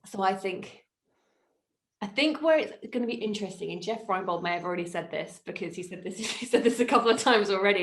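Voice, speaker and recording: Lower-pitched woman, chatty. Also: fairly bright tone, low-quality recording. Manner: chatty, many fillers and restarts, laughs easily. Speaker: podcast co-host. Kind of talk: casual sports chat.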